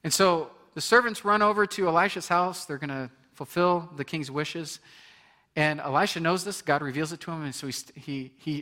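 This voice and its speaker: A man's voice: a little high, normal speed, bright, forceful tone, big-room sound. A man preaching a sermon as pastor, conversational, asking the congregation questions and acting out quoted people.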